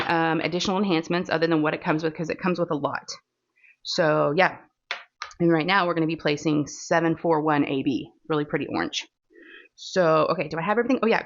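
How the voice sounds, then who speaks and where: A woman with a Texan accent, chatting casually and rambling with fillers as she hosts a crafting vlog. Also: on the low side. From Texas. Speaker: crafting channel host. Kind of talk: casual chat while diamond painting. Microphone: phone. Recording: dull lo-fi phone recording.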